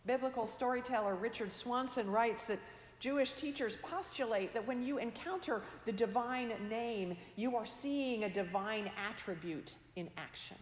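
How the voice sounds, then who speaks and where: A woman preaching a sermon in a slow, measured, reflective way, her phrase endings trailing off softly. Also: a little high. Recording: echoey hall, long reverb.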